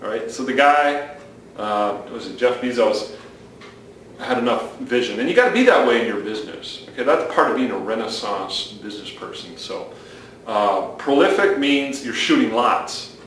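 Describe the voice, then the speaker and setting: A man's voice: medium pitch, lively intonation, normal speed, a bit bright, a little hiss or hum. Man lecturing with jokes, far off. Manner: joking, lecturing. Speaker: co-host. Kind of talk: casual podcast chat. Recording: echoey room from far off.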